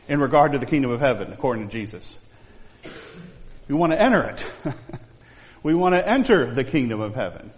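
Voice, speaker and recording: A man teaching a Bible study class in a conversational way, quizzing his listeners with questions. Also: mid-range voice. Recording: long reverb, dull lo-fi sound.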